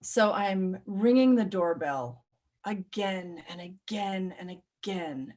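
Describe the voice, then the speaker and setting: Animated woman telling a true story. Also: medium pitch. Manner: animated, swings between loud urgency and hushed tones. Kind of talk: live personal storytelling.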